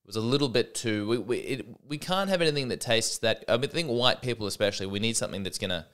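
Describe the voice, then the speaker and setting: Australian man, solo podcast host, sardonic, rambling, lively swooping delivery, clear resonant voice. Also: medium pitch, fast. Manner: rambling, sardonic, self-deprecating.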